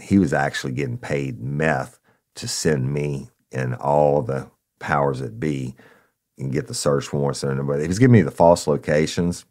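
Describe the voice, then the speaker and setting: Gravelly, very deep storyteller. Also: male voice, darkish tone. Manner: blunt and profane, addressing listeners as y'all. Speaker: former narcotics officer, storyteller. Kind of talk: true crime storytelling.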